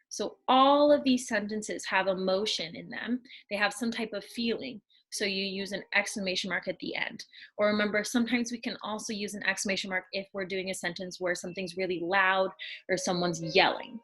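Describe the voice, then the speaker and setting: A woman teaching a lesson to young children, explaining slowly and patiently, step by step. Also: mid-range voice, fairly even intonation, a bit bright, poor audio.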